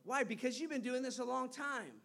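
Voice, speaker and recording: A man preaching to his congregation in church, with a very high-pitched voice. He reads scripture and retells it with animated storytelling, moving between raised, emphatic passages and hushed, intimate asides. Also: fairly quick, gravelly. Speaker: pastor. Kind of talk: sermon.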